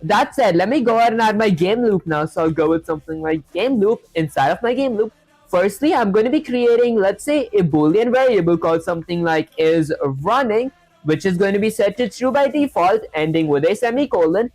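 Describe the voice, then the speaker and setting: A man's voice: high voice, animated, fairly quick, darkish tone, no room sound. A man live-streaming while he codes, thinking aloud with lots of fillers and reading viewer chat aloud to answer it. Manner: thinks aloud, says "honestly" and "that said" often, filler-heavy.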